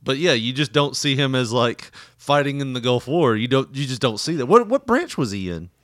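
A man co-hosting a casual reaction chat, chatty and quick to laugh. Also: medium pitch, no echo, studio quality. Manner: animated, laughs often, chatty. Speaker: co-host.

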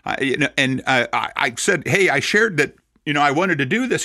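A man in his sixties, a Messianic rabbi, preaching a sermon through lively anecdotes and dry self-mocking asides. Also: mid-range voice, fairly quick, gravelly, hardly any pauses, no echo.

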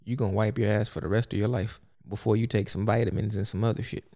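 A man's voice: lowish voice, level tone, fast talker, warm tone. A man hosting a solo podcast, ranting in a blunt, profane and exasperated way. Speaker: podcast host.

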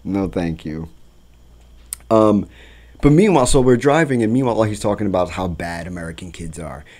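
Lively, low-voiced man telling stories. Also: moderate pace. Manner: animated, profane storytelling that acts out voices; laughs often while talking. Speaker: podcast co-host recounting rideshare driving. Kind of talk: casual chat.

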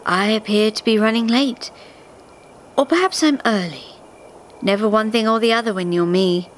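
A woman voicing Father Time, a kindly old man with a warm, friendly voice who speaks slowly, softly and a little conspiratorially. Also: mid-range voice, a little hiss or hum, lightly acted. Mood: cheerful. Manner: slow, soft and gently conspiratorial.

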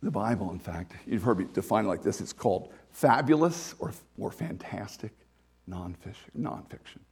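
A man preaching a sermon in an animated, emphatic way, full of restarts, repetition and joking asides. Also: lowish voice, normal speed, gravelly, breathy edge. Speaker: pastor.

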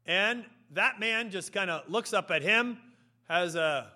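A man preaching a sermon, telling a story with lively, animated delivery and putting on voices for the characters. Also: high voice, unhurried. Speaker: pastor.

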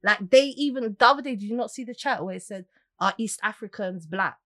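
A woman's voice: mid-range voice, fairly quick. A woman from Somalia in casual podcast chat, telling stories and acting out what people said. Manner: animated storytelling, acting out quotes. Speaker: podcast guest.

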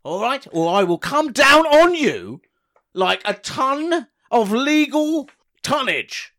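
A man's voice: very high voice, big pitch swings, slow pace, pushed and bright, pitched above the performer's own voice, full character voice. A man playing a pompous, foul-mouthed boss in an improvised comedy sketch. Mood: threatening. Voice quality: brash, bullying, swears a lot.

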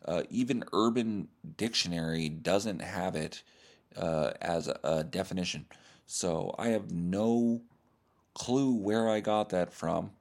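A comedian and podcast host talking alone, rambling in a profane, self-deprecating way. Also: male voice, deep voice, a little mellow. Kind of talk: solo podcast monologue.

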